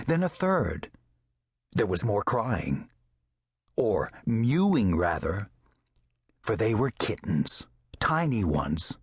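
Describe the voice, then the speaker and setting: Expressive male audiobook narrator, husky. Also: medium pitch, dry recording, clean studio sound. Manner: expressive, storytelling.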